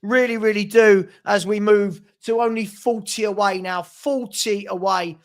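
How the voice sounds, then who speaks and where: Chatty high-voiced football streamer. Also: male voice, fairly even intonation, measured pace. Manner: chatty, reads out viewer comments, scolds a puppy. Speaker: football watchalong host. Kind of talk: casual live-stream chat. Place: home room.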